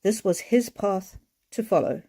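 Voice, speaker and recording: A woman giving a live oracle card reading, speaking in a gentle, heartfelt way, repeating her words and sounding tearful. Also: mid-range voice, animated, a little slow.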